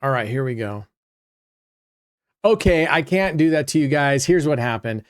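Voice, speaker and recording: A man's voice: medium pitch, expressive, normal speed, dry recording, clean studio sound. A man hosting his own channel, chatting casually to viewers as he plays roulette, often trailing off mid-sentence. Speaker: host. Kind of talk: casual commentary while playing roulette.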